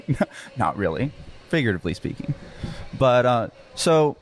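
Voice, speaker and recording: A man's voice: mid-range voice, sing-song, normal speed, a crowd in the background. A man hosting a local podcast, chatting casually with his guest and making jokes. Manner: friendly, joking, many fillers. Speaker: podcast host. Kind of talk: casual interview chat.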